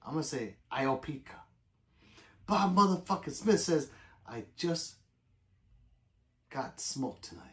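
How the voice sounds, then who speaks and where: A man hosting a casual livestream, reading viewer comments aloud and breaking into playful meows, woofs and growls, with some casual swearing. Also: fairly high pitch. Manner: laid-back, swears casually. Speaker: livestream host reading chat. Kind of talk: casual live-stream chat.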